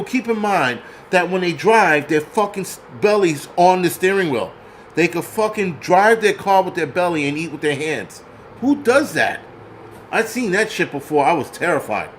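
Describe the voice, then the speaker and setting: A man rants at the camera, swearing freely and mocking the people he talks about with exasperated disbelief. His voice sits a little high for a man. A faint hiss runs under the recording. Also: fairly bright tone, poor audio. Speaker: host. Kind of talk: angry ranting commentary.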